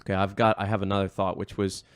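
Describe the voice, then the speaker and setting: A young man hosts a casual sit-down chat, winding through long stories full of fillers and restarts. His voice sits a bit low and sounds smooth and clear. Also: level tone, quick pace. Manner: rambling storyteller, frequent fillers and restarts. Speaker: host. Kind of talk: casual conversation.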